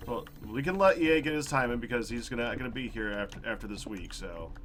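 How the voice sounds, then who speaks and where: A man's voice: mid-range voice, expressive, fast, a bit bright, soft background music. A man hosting a casual game livestream, explaining his schedule in an easygoing, rambling way. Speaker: streamer.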